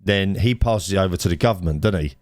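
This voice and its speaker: In casual banter recorded live indoors, a podcast co-host with a low voice talks at a quick pace with no room sound. He tells rambling stories, keeps restarting sentences and repeating words, and laughs at what he's saying.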